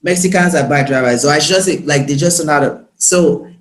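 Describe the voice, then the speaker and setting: Young guy from nigeria chatting as a guest, quick and excited, echoey room. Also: on the high side. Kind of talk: casual interview chat. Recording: roomy echo.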